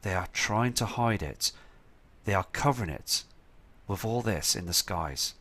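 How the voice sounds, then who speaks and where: Male host with a somewhat low voice, urgent and earnest, talking over viewer photos. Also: animated, measured pace, a bit bright. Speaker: channel host.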